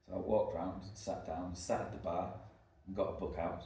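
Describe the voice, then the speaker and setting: At a moderate pace and with fairly even intonation, a podcast co-host with a low, warm voice rambles through travel stories. He leans heavily on "likes" and "ums" in this casual chat, recorded in an echoey room with the mic set at a distance.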